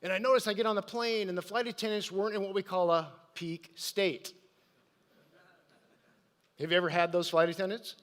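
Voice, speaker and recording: A man in middle age, clearly comfortable on stage, gives a live motivational talk at an event in a notably high, fairly bright voice. His tone stays steady and his pace moderate, with frequent pauses, as he recounts personal stories and questions the audience.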